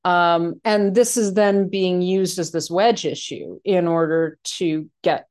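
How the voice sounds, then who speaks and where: A woman's voice: lowish voice, fairly even intonation, slow, darkish tone. A woman in a casual film discussion, talking animatedly with many restarts and fillers.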